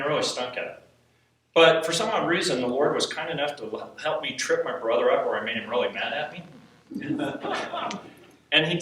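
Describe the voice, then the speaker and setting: A man preaching, telling a personal story with animated quotes and frequent laughs. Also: medium pitch. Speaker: preacher teaching on intercession. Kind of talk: sermon storytelling. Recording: echoey hall from far off, faint hiss.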